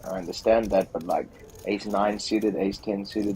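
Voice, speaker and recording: A man's voice: fairly low pitch, fairly even intonation, normal speed, darkish tone, slight background noise, low-quality recording. A native English-speaking man giving easygoing live poker commentary. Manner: easygoing, laughs often.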